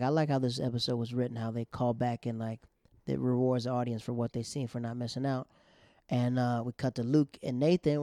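A man's voice: medium pitch, warm tone, no room sound, clean studio sound. A man casually recapping a TV episode in loose slang, joking about the writers as he goes. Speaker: TV show recapper.

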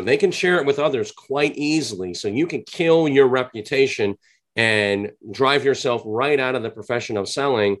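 A man who trains salespeople is a guest on a podcast, answering in a relaxed, conversational interview. He explains his points step by step with earnest sincerity, and his pitch stays in an ordinary middle range while he slows down to stretch out the key words.

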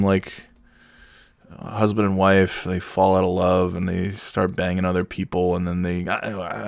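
Lowish male voice, rambling and exasperated, swears freely, dry close sound. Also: gravelly, no room sound. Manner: rambling, profane, self-correcting and exasperated. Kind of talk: casual storytelling monologue.

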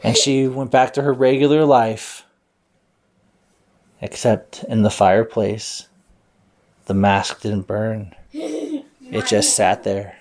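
A man's voice: lowish voice, very animated, slow, pauses often, a little mellow. A man improvising a bedtime story aloud, playful, with silly sound effects.

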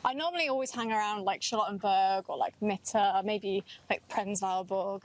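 A woman's voice: medium pitch, normal speed, low-quality recording. A young woman co-hosting a casual chat while walking outdoors on a campus, upbeat and talkative, often laughing and saying "like". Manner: chatty, upbeat, laughs often, says "like" a lot. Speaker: podcast co-host.

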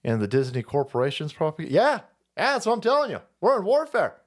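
A man's voice: fairly high pitch, huge pitch swings, fast talker. A man ranting on his stream in political commentary, profane and mocking, swearing freely. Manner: profane, mocking, mimics opponents in silly voices. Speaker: streamer host.

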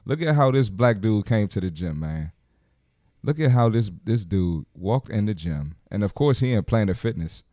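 A man's voice: on the low side, expressive, moderate pace, mellow, no echo. Casting: male podcast host, blunt slangy roast commentary, dry close sound. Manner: blunt, joking, slangy trash talk. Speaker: podcast host reacting to clips. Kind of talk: casual reaction commentary.

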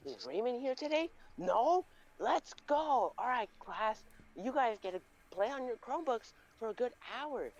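A young man voicing a fed-up, foul-mouthed female schoolteacher in a shrill, exasperated rant. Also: expressive, brisk, hardly any pauses, darkish tone, dull audio. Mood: gleeful.

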